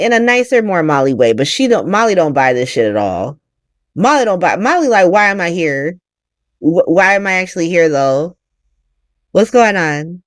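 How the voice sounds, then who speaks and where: Lively woman recapping with laughs. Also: on the low side, dry recording, clean studio sound. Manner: animated, laughing, acts out characters in quick voices. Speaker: podcast host recapping a soap opera. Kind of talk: casual solo recap.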